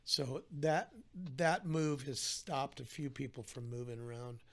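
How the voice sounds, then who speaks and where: A man's voice: medium pitch, a little slow, slight background noise. A man talking as a podcast guest, telling his story in an earnest, heartfelt way with frequent restarts. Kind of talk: candid conversational storytelling.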